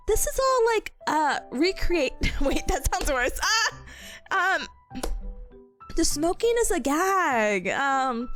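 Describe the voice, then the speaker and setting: Giggly high-voiced woman streamer. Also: animated, takes it slowly, fairly bright tone, soft background music. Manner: giggly, bubbly, talks to chat. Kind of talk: casual live-stream chat.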